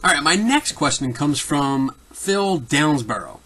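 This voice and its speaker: A man with a Philadelphia accent speaks with a bright, forceful tone. He answers viewer questions casually and off the cuff. He rambles and fills pauses with restarts and lots of ums. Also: on the high side, lively intonation. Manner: rambling, many fillers and restarts.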